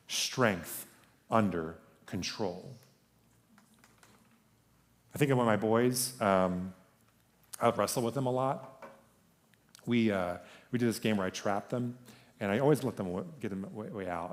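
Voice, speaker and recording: Male pastor, sermon, chatty and joking, lowish voice. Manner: conversational, joking preaching.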